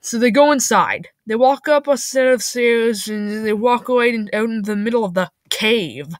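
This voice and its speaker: A man's voice: very high voice, normal speed, no echo. A man hosting a casual, comedic read-aloud of a story, in a playful, stumbling way. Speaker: host reading an AI story aloud.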